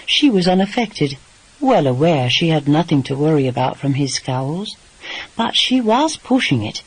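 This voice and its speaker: Husky male audiobook narrator. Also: a little high, sing-song, normal speed, rough recording. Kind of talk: scripted romance narration.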